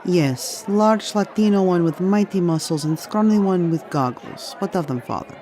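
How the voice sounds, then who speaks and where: Brief: someone voicing a formal, deadpan spy's daughter, mid-pitched, over loud crowd chatter. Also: moderate pace, slight background noise, lightly acted. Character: dutiful daughter of a Russian spy, young woman, obedient and dry.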